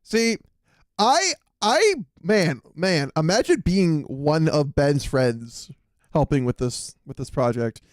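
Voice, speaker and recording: A man streaming, reacting to a video in casual commentary, excitable and stumbling over restarts. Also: on the high side, slow, dry recording, studio quality.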